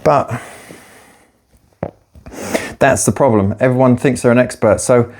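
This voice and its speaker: A personal trainer who vlogs about fat loss rants casually and profanely mid-workout at the gym, rambling and sarcastic. His voice is medium in pitch, a little slow, and slightly mellow.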